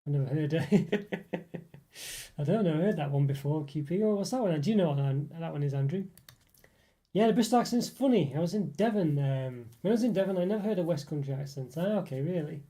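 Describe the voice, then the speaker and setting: Mellow-voiced man chatting on a livestream. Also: on the high side, animated, a little fast. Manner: reads viewer comments aloud and muses on them, many fillers. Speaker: livestream host reading chat. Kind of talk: casual live chat.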